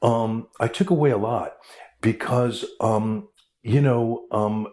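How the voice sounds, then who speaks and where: A man's voice: mid-range voice, slow, mellow. A middle-aged American man, a guest actor, telling anecdotes animatedly in an interview, with lots of fillers and restarts. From United States. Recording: roomy echo.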